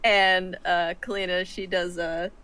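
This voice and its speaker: A woman playing in a tabletop game, excitable and quick to exclaim. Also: fairly low pitch, clean tone. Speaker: player.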